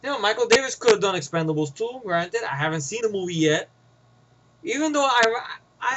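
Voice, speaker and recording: Rambling New York guy, high voice. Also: a bit bright, highs cut off, a little hiss or hum. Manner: rambling, profane, easily sidetracked. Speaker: movie reviewer. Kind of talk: casual rambling film review.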